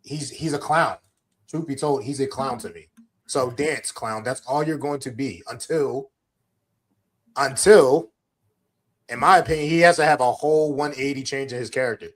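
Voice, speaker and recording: A man co-hosting a wrestling podcast, blunt and animated, breaking into quick impressions as he rants. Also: mid-range voice. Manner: blunt, animated, mimics wrestlers mid-rant. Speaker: podcast co-host. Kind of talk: casual wrestling chat.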